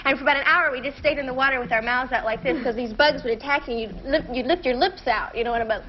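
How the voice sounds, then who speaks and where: A woman's voice: sits high, fast talker, noisy background. A woman telling a rambling, giggly story as a game show guest. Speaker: celebrity guest contestant. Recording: dull 1970s TV recording.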